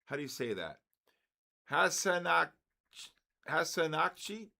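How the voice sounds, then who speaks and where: Older guy running a trading livestream roll call, slow and drawn out, jokey and fed up, kinda high voice. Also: big pitch swings, gravelly. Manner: exasperated, joking, calls names in a loud sing-song. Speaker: trading session host. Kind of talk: live-stream roll call of viewers.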